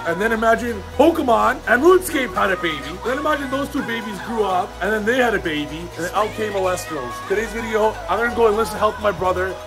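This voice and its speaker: A man's voice: sits high, lively intonation, music in the background. A young man hosting a gaming vlog, hyped and boastful as he explains a card game. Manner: hyped, boastful, fast-talking. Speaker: gaming YouTuber host.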